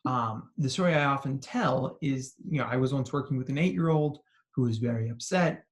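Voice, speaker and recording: A man, a psychologist, giving an animated talk to parents and educators, telling stories and asking questions. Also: medium pitch, a little fast. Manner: animated storytelling with acted quotes and asides. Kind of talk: expressive talk to an audience.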